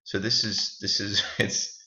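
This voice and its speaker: Deep-voiced man, rambling self-critical screen walkthrough, muffled lo-fi sound. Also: flat delivery, unhurried, bright, forceful tone. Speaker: trader reviewing his backtest results. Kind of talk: casual screen-recording walkthrough. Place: indoors at a computer. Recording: echoey room, dull lo-fi sound.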